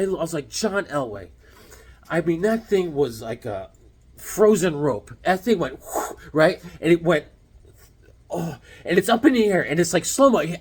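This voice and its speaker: A middle-aged man talks through his comic finds in a loose, chatty way. His voice is a little husky and sits on the higher side for a man. He swings it up and down a lot while he tells stories and acts out the people in them. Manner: animated storyteller, acts out voices. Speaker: comic book vlogger. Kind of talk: casual show-and-tell chat.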